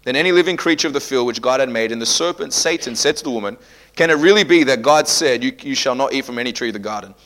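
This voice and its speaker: A man preaching a sermon, asking repeated rhetorical questions and swinging from quiet, low passages to loud, emphatic peaks. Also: fast. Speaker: pastor.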